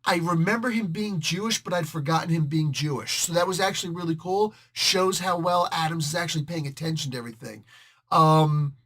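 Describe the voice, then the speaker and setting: A man hosting a casual comic book review video, joking and animated and talking straight to his viewers. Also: on the high side, a little fast.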